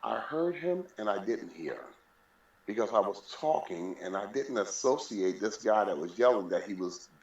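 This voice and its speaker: A man with a somewhat low voice tells his personal story as an interview guest. He speaks emphatically and often repeats a phrase to drive it home. The recording sounds roomy and a little dull. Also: normal speed. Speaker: interview guest, boxing figure.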